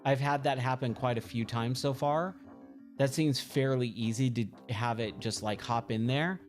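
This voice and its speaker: Rambling man chatting while playing pinball. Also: mid-range voice. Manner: chatty, rambling, repeats words. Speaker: streamer. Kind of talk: casual gameplay chat. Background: game music.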